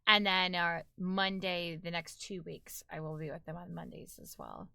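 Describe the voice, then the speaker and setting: A woman's voice: on the low side, lively intonation, moderate pace, gravelly, bright, forceful tone, no room sound, studio quality. A young woman streaming a game live, chatting casually with lots of fillers and self-corrections. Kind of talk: casual live-stream chat while gaming.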